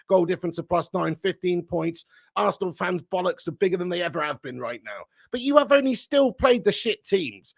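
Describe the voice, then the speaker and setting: Gravelly high-voiced man hosting a stream. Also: a bit bright, dry recording, clean studio sound. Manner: banter-heavy, teasing chat readers with swearing. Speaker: live stream host. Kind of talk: casual live-stream chat.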